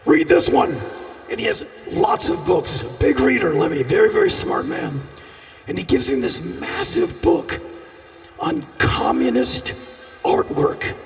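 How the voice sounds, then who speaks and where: A man performing a live storytelling monologue on a festival stage, animated, with bursts of shouting. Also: sits high, a little slow, vocal fry, soft background music. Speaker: spoken-word performer. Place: large outdoor festival stage. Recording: echoey stage sound from a distance.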